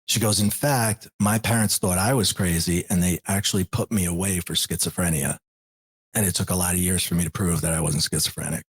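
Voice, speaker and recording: A man in his forties, a podcast guest, candidly retelling a personal story with lots of quoted dialogue in a husky voice. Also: deep voice, fairly even intonation, a little fast. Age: 40s. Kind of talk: storytelling in an interview.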